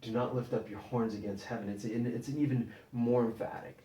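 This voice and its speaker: A man preaching a sermon, halting and repeating words as he explains scripture. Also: mid-range voice, steady tone, dark tone. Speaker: pastor. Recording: echoey room, mic at a distance.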